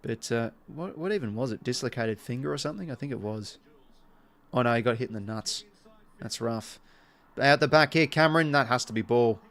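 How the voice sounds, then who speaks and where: Excitable Australian man calling footy live. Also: medium pitch, brisk. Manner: excitable play-by-play, chatty asides to viewers. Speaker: live stream commentator. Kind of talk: casual live watch-along commentary.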